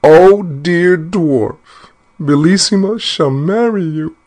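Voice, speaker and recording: A man's voice: mid-range voice, moderate pace, pitched above the performer's own voice, natural voice. A man reading a fairy tale aloud and voicing a frightened queen, pleading in distress. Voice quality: pleading, fearful. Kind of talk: storybook narration.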